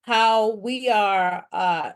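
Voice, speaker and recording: A woman's voice: medium pitch, very slow, clear, resonant tone. A woman hosting a wellness podcast, affirming her guest and chatting conversationally. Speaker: podcast host. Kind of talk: podcast interview.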